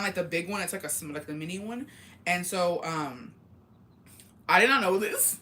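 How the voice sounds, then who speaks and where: A young woman tells a family story on her vlog in loose, casual chat. Her voice is bright and forceful, and she swears freely and breaks into laughter along the way. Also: low voice, a little hiss or hum. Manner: animated, swears a lot, laughs while telling stories. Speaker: vlogger.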